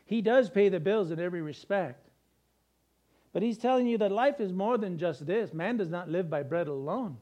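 A male pastor delivering a sermon, animated and conversational, with asides to the congregation. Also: sits high, moderate pace.

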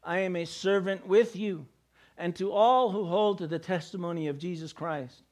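A man's voice: high-pitched, normal speed, darkish tone. A male pastor preaching a sermon, emphatic and firing rhetorical questions at the congregation.

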